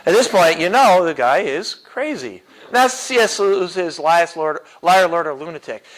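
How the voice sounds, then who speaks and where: A man's voice: a little high, expressive, normal speed, a bit bright, rough recording. A man teaching a church apologetics class in a casual, chuckling way, with many fillers and restarts. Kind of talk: classroom lecture.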